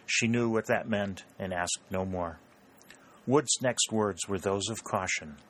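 In a low voice, a man reads a historical novel aloud at a measured, even pace. The delivery is steady and scripted, like an audiobook.

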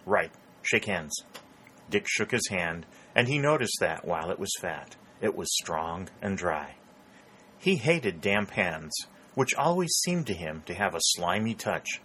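A man narrating a novel in a steady, measured reading. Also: deep voice, slight background noise. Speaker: audiobook narrator. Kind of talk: scripted narration.

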